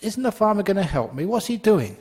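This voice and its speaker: A man voicing a frightened male donkey stuck in a well, with loud braying cries. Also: high-pitched, sing-song, a little fast, breathy edge, pitched above the performer's own voice, full character voice. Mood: bewildered.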